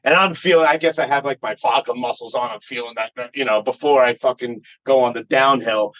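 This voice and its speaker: A man's voice: mid-range voice, fairly quick, fairly bright tone. A man, a podcast guest swearing freely as he tells a rambling story in casual conversation. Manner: profane, rambling anecdote-telling. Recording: dull lo-fi recording.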